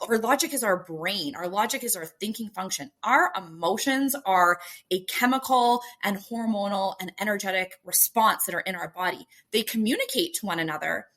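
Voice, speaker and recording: A woman guest on a podcast explains her ideas in an animated, emphatic way. She jumps into playful voices to act out what people think. Her pitch sits at a mid-range level for a woman. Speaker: guest, stress coach. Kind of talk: explaining in an interview.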